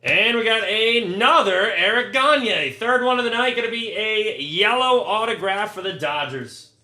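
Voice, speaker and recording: A man's voice: sits high, lively intonation, measured pace, sharp tone. A man hosting a casual card break who lists the hits and rants between them in a blunt, profane, sarcastic way. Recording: echoey room, faint noise. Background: crinkling card wrappers, clicks.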